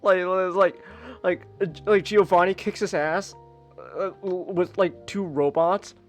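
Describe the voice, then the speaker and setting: A man hosting a casual podcast, ranting in an animated, exasperated way with mocking asides. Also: high voice, slow pace, faint music behind. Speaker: podcast host. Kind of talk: casual chat. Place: home streaming setup.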